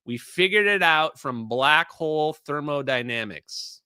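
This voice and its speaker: A man's voice: fairly high pitch, animated, measured pace, bright, forceful tone, clear, resonant tone, dry recording, studio quality. A middle-aged man commenting on clips during a live stream, emphatic and opinionated, talking straight to his chat.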